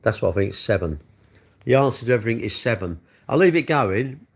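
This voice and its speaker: A man's voice: mid-range voice, expressive, quick pace, creaky, slightly rough. Man grumbling through a rambling late-night phone livestream. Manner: chatty, self-mocking, grumbling. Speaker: livestream host. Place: bedroom at night.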